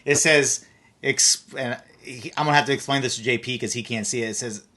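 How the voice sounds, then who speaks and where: A man's voice: mid-range voice, a little fast, sharp tone. A man hosting a casual chat show, teasing and joking with his guest. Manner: teasing, jokey. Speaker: host.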